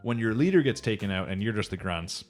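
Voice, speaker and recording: Brief: man, rapid casual podcast recap, low voice, acts out lines. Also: faint music behind. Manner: animated retelling, acts out characters' lines; frequent swearing and laughing. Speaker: podcast co-host. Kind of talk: casual anime recap chat.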